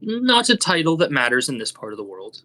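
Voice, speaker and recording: A man's voice: a little high, wildly swooping pitch, a little fast, bright, forceful tone. A man playing his character in a tabletop game, speaking in character and asking short questions. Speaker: player.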